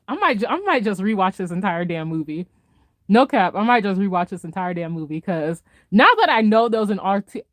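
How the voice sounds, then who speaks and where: A young adult woman live streamer, ranting in a casual, animated way with lots of slang and laughter while she reads chat. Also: mid-range voice, dry recording, clean studio sound. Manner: animated, fast-talking rant with frequent laughter and slang.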